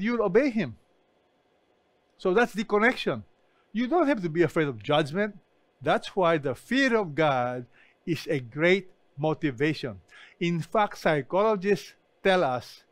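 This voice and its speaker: Man preaching a sermon, high voice, slow deliberate delivery, emphatic questions, dry close sound. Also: dry recording. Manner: emphatic, asks the congregation questions. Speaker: pastor.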